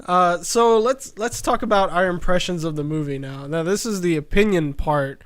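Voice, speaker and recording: A man co-hosting a casual movie review chat, animated and jokey, often laughing and swearing. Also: high-pitched, moderate pace, clear, resonant tone, dry recording, studio quality. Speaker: podcast co-host.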